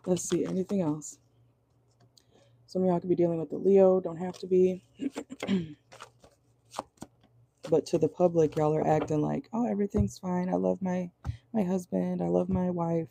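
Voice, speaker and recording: A woman with a deeply gravelly, fry-laden voice talks through a tarot reading in a loose, chatty way, tossing in "okay?" after nearly every thought and swearing freely. Her tone is dark and husky, her voice worn hoarse, and the sound is close and dry. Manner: chatty, frequent "okay?" check-ins, swears casually. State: voice going hoarse. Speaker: tarot reader. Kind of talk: casual tarot reading monologue.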